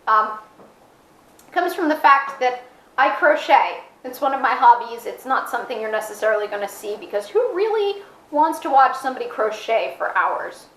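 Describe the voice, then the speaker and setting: A woman's voice: on the high side, animated, normal speed, a bit bright, reverberant, rough recording. A woman vlogging casually to an action camera at home, chatty and self-mocking, rambling as she talks. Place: indoors at home, with her dog nearby. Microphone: camera mic, fisheye action camera.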